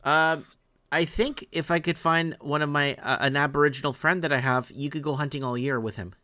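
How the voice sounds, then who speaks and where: A man's voice: a little high, fairly even intonation, fairly quick, sharp tone. A man in an easygoing casual chat, calling his friend dude and man.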